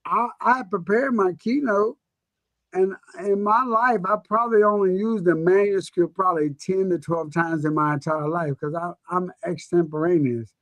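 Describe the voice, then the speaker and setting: A high-pitched man speaks openly and with feeling, telling his stories with expressive energy. His voice sits close and dry on the mic, with no room sound around it. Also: normal speed, dry recording. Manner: emotional, expressive storyteller. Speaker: guest speaker and coach. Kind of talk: casual webinar conversation.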